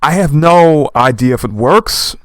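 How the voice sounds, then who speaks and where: A young man with a slight lisp rambling in animated commentary while reading a manga aloud, dropping in old-fashioned verb endings. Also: on the high side, no echo, studio quality. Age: young adult. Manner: animated, fast and passionate talker.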